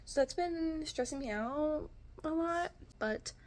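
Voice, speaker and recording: At home in her apartment, a woman in her 20s from the United States vlogs casually to the camera, her rambling full of "like" and "you know." She speaks slowly in a high-pitched voice with a darkish tone.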